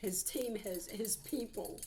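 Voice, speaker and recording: A woman's voice: medium pitch, slow pace, mellow, a little hiss or hum. A woman, giving a heartfelt channeled psychic reading. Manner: heartfelt, earnest, relays messages.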